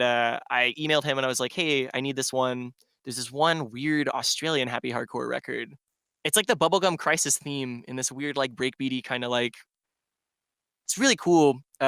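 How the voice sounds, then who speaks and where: A man's voice: mid-range voice, a little fast, sharp tone, clean tone, dry recording, clean studio sound. A man who is a DJ, telling a long rambling story in casual podcast chat and filling it with "like". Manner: rambling storyteller, heavy "like" filler. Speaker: DJ guest.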